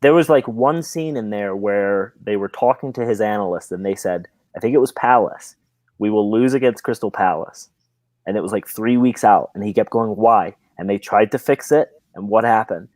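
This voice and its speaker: A low-voiced man talking football on a podcast, animated and eager, often restarting his sentences. The sound is close and dry, with no room around it. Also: normal speed, no echo. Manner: animated, pitch jumps up on emphasis, repeats words while thinking. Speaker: podcast host. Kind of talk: casual chat.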